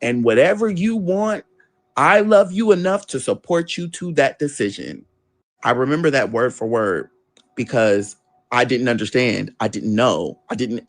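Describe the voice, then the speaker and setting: Animated man telling a family story. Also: mid-range voice. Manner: animated storyteller who acts out the people he quotes; swears casually. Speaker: guest. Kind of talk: storytelling in a casual interview.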